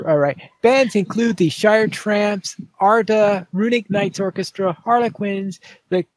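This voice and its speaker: A man hosting a game podcast, chatting casually with a laugh, and reading poems slowly. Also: high-pitched, no echo, rough recording. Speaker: podcast host. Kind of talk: casual chat and poem reading.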